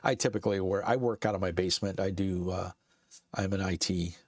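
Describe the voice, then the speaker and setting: A middle-aged Brooklyn native hosts a livestream from his basement, chatting and rambling casually in his Brooklyn accent with plenty of "uh"s and laughs. His voice is low, fairly even, a little fast and mellow, captured dry at studio quality.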